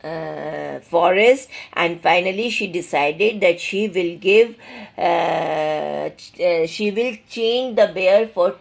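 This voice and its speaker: An Indian woman with a fairly low voice goes through a school reading lesson. She reads the story aloud and then retells each part more simply, slipping into Hindi at times. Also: slow pace, vocal fry. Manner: reads a line, then explains it again in simpler words, mixing in Hindi. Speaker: teacher. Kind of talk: explaining a textbook story in class.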